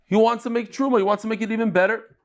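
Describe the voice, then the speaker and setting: A man, teaching a daily Talmud class in a lively, joking way, acting out the quotes he reads. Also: high voice, rapid-fire.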